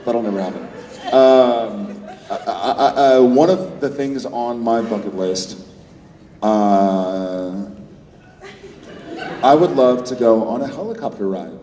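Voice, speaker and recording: A man's voice: mid-range voice, slow pace, pauses often, mellow. A man joking and teasing on a convention panel in a large hall. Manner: playful, teasing. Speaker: panel guest. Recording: echoey hall from far off. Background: crowd noise.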